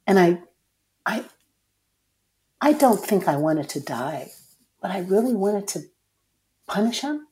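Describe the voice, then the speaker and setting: A woman guest and author telling a personal story frankly and emotionally, cursing at times and swinging between hushed and loud. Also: medium pitch, very animated, takes it slowly, pauses often.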